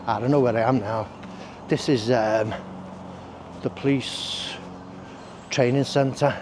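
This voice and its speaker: A man's voice: mid-range voice, steady tone, slow pace, noisy background. A man chatting casually while walking outdoors, breathing heavily between rambling asides. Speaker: walking vlogger. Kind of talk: casual walk-and-talk narration. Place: outdoors on roads and country paths.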